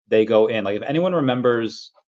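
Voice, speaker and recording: A man's voice: mid-range voice, expressive, a little fast, dull audio. A man hosting a casual livestream, rambling through his points and reading out viewer comments. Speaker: livestream host.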